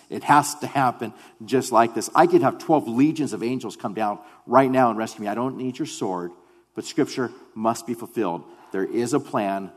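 A man preaching a sermon as pastor, animated at times and then dropping to quiet, weighty emphasis. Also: medium pitch, moderate pace. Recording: long hall reverb.

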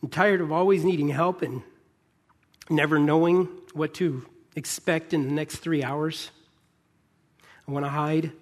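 A man in his thirties, a pastor, preaching in an earnest way, pausing often and building to a fervent plea. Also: on the high side, steady tone. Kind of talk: sermon.

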